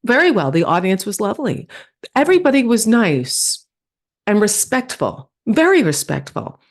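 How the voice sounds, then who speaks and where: A woman's voice: medium pitch, normal speed. A woman from New York, a comedian guest on a podcast, telling stories in casual chat and acting out the voices of the people she quotes. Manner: animated storytelling, acts out quoted dialogue.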